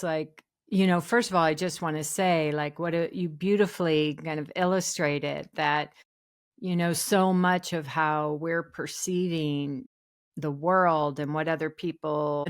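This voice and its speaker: A woman hosting an interview, reflecting aloud on her guest's story and asking follow-up questions. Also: sits low. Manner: reflective, thinks aloud with fillers. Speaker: podcast host. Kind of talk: interview conversation.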